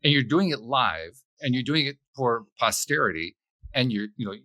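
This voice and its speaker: A middle-aged man talking as a podcast guest, animated, thinking aloud with frequent restarts. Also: mid-range voice, moderate pace, dry recording. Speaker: podcast host, guest here. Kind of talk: conversational interview.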